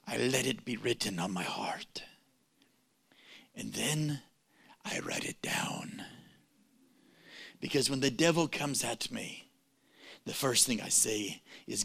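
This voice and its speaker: A man putting on the voice of a solemn pastor, speaking low, slow and hushed, sometimes whispering, as if giving quiet counsel. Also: creaky, slightly rough, exaggerated voice.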